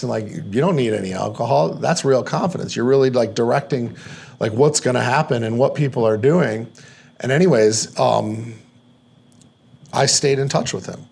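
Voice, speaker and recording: A man's voice: mid-range voice, normal speed, gravelly, darkish tone, husky. A man telling a personal story as a podcast guest, rambling and casual, peppering his talk with fillers and swearing. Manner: rambling, profane, many "like" fillers.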